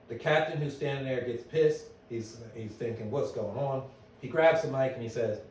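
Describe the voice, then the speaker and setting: Speaking fairly quickly, a middle-aged man who owns a business presents to a conference crowd as an animated storyteller who keeps engaging the room. The distant recording catches his voice echoing heavily around the hall over a low background hum.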